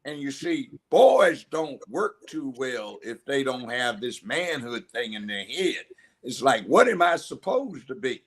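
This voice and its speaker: A man's voice: medium pitch, very animated, measured pace. An older man in his seventies from Los Angeles talks as an interview guest, emphatic and full of stories. His voice sits in an ordinary middle range, and he slips into other people's voices as he tells them. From Los Angeles, United States. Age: 70s. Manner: emphatic storyteller who acts out voices. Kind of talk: conversational interview.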